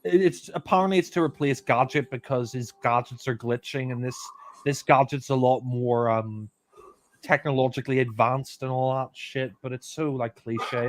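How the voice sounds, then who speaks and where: A man's voice: medium pitch, steady tone, moderate pace. A man doing casual film commentary, blunt and offhand, often restarting sentences.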